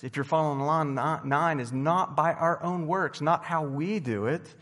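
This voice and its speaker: A male pastor giving a sermon in a conversational storytelling manner, swinging between loud emphasis and soft asides. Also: fairly high pitch, fairly quick, few pauses, long reverb tail. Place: church sanctuary.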